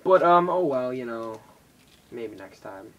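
A teenage boy vlogging in casual chat, rambling and swearing, jumping between loud bursts and whispers. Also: mid-range voice, lively intonation, unhurried, far from the mic, dull audio. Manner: rambling, swearing, jumpy loudness with mock voices and whispers. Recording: voice drifting off the mic.

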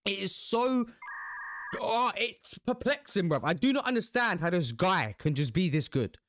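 A man's voice: sits high, big pitch swings, a little slow, background noise. A British man hosting a reaction video, hyped and full of slang, swearing freely as he talks. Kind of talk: excited casual commentary.

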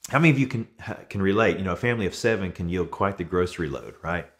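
A man in his thirties, a pastor giving a conversational sermon and telling relaxed everyday stories to make his points. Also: sits low, fast talker. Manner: relaxed storytelling with everyday examples.

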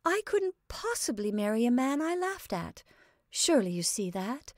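A woman's voice: on the high side, big pitch swings, no room sound, studio quality, voice pushed up. A woman doing a giggly, flighty young woman. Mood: earnest. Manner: bright, bubbly, quick to laugh.

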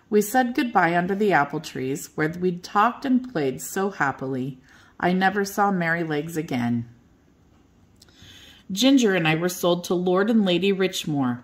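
An older woman reading a children's bedtime story aloud as the storyteller, gentle and expressive. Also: on the low side, unhurried.

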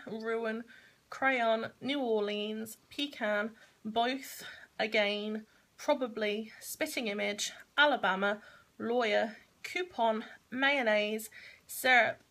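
A woman's voice: a little high, pushed and bright. A woman with a Grimsby accent, chatting casually to camera at home in a rambling vlog, often breaking off mid-thought. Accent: Grimsby English. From Grimsby, England. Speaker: vlogger. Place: at home, indoors. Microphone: camera on a small tripod.

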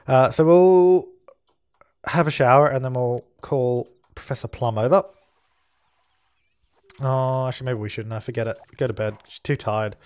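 A man talks his way through a life-sim game, chatting as he goes and telling his characters what to do. His voice sits at an ordinary middle pitch. The sound is dry and close, with no room around it. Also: no room sound. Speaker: let's play host. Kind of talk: casual gameplay commentary.

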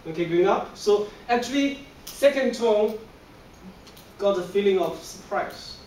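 A man's voice: high-pitched, expressive, measured pace, a little mellow. A male language teacher drilling a class on tones, patient and coaxing, laughing often and repeating each sound as a model. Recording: echoey room, distant mic, faint noise.

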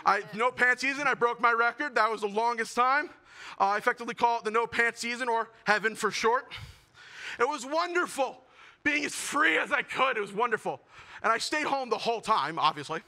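Give me a young man doing a self-mocking stand-up set in a high, bright voice. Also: animated, fairly quick. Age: young adult. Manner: self-mocking, building to shouted punchlines. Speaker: stand-up comedian.

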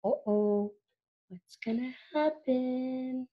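A woman reading a picture book aloud to young children, animated, with frequent gasps and drawn-out sound words, stopping to ask the listener questions. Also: high-pitched, dull audio. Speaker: children's story reader.

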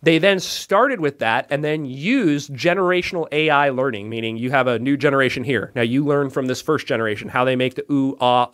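A man's voice: a little high, fairly bright tone. A man hosting a podcast, chatting casually and animatedly about science articles with co-hosts. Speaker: podcast host.

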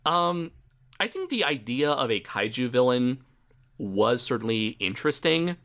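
A man's voice: medium pitch, sing-song, a little slow, fairly bright tone. A man hosting a casual film review podcast, swearing freely and laughing often. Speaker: podcast host.

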